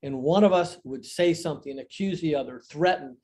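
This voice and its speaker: An older man with a somewhat high-pitched voice tells a personal story on a video call. He speaks earnestly and reflectively and leans hard on key phrases. It sounds like an interview conversation. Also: fairly quick, warm tone. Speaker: guest, divorce author and coach.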